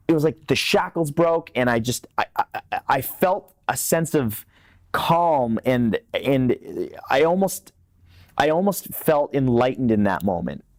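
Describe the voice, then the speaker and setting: A man's voice: medium pitch, a little mellow, no room sound, clean studio sound. A man, speaking earnestly as an interview guest and repeating words when stressing a point. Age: 30s. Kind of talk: candid interview talk.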